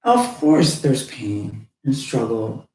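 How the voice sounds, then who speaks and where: A woman's voice: a bass voice, sing-song, slow, dark tone, far from the mic. A middle-aged woman speaking emphatically and encouragingly in a heartfelt conversation. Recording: echoey room, a bit off-mic.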